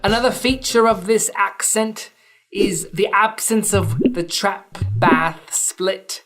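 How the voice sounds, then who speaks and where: A woman's voice: mid-range voice, slow pace, a bit bright, faint music behind. A woman podcast host giving a scripted explainer lesson, with dry, wry asides between points.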